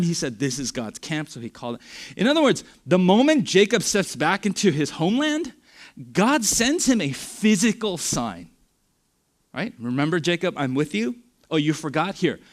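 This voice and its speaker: A man preaching a sermon as youth pastor, telling the story with acted-out quotes and questions to his listeners. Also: medium pitch.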